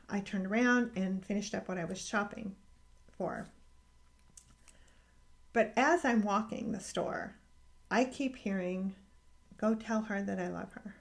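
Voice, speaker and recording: A middle-aged woman telling a personal faith story in a casual, earnest way, growing emotional and halting with restarts. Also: mid-range voice. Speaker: podcast host sharing a personal faith story.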